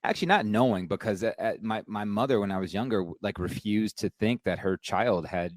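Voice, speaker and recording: A man's voice: lowish voice, fairly quick, no echo. A middle-aged man speaking candidly and reflectively as a podcast guest, with lots of fillers. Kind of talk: casual interview chat.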